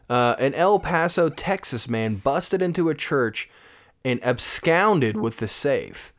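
A man's voice: medium pitch, expressive, takes it slowly. Man podcast co-host, casual, jokey, reads stories with tangents. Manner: joking, reads stories aloud with asides. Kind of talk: casual chat reading news stories.

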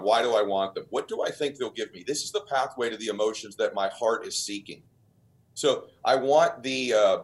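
Man, deep voice, podcast guest, emphatic storyteller, mid-pitched. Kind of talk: storytelling in an interview.

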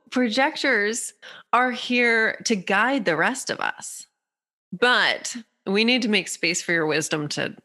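A woman with a bright, forward voice, guesting on a podcast. She explains in an animated, playful way and acts out little scenes as she goes. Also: mid-range voice, unhurried. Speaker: podcast guest, human design guide. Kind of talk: casual explanatory chat.

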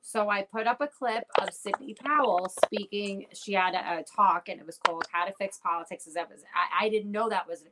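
Hardly pausing, a woman with a mid-range voice talks a little fast in casual conversation. Her story is heavy on profanity and reenacted dialogue, and the audio is noisy with clicks.

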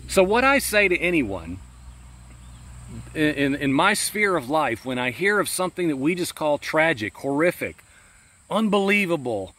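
A man's voice: high-pitched, pushed and bright. A man giving a spontaneous, earnest devotional talk outdoors in a pasture, pastoral in tone and often addressing the listener as friend, with crickets and insects behind him. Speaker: Christian podcast host.

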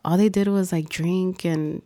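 Soft-spoken young woman, low voice. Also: steady tone, measured pace, no echo, clean studio sound. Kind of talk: casual podcast chat.

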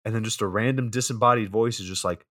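A man's voice: fairly low pitch, steady tone, fast talker, a bit bright, no echo. A man co-hosting a podcast, casually retelling a horror movie's scenes with dry jokes. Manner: laid-back, dry joking, retelling scenes. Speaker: podcast co-host. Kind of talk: casual movie recap chat.

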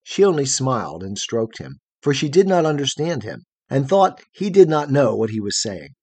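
A man reading a fairy tale aloud in an expressive, melodic storytelling manner. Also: medium pitch, normal speed, breathy edge, no echo. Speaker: audiobook reader.

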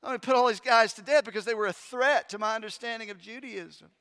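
A male pastor preaches an emphatic sermon, swinging between urgent loud stretches and hushed, intense ones, with conversational asides to the congregation. His voice is very high, fast, and smooth, with long hall reverb.

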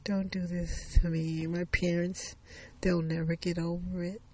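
A man's voice: high-pitched, flat delivery, measured pace, slightly rough. A man voicing a frightened young woman driver who pleads and prays, repeating herself. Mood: terrified.

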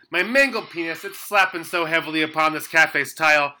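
A man acting as a frantic, melodramatic police officer in a comedy sketch, stammering and yelling in panic. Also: fairly high pitch, moderate pace, hardly any pauses, slight background noise, poor audio.

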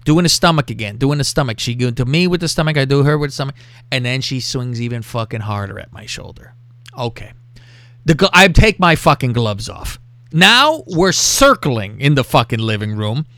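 A man's voice: mid-range voice, normal speed, no echo. A man hosting a podcast, telling a crude story with lots of swearing and acting out what people said. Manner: profane, animated, acts out quotes. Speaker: podcast host.

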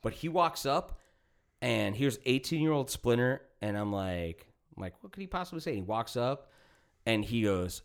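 A man's voice: medium pitch, fairly quick. A man in his thirties hosting a podcast, telling a long story in a casual, profane way and acting out the people in it. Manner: profane, animated, acts out quotes. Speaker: podcast host.

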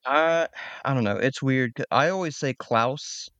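Give me a hesitant man guest-hosting a podcast, smooth voice, dry sound. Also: medium pitch, unhurried, fairly bright tone, no room sound, highs cut off. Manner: hesitant, thinking aloud. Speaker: guest host. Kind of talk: casual comic book chat.

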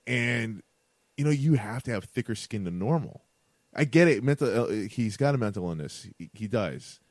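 A man's voice: mid-range voice, expressive, moderate pace, dry recording. A man co-hosting a casual podcast, often stumbling and repeating words as he thinks aloud. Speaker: podcast co-host. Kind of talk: casual chat.

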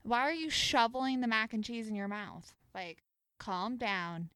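A young woman co-hosting a casual chat show, giving animated, opinionated takes on food habits. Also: a little high, unhurried, smooth, dry recording. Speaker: podcast co-host.

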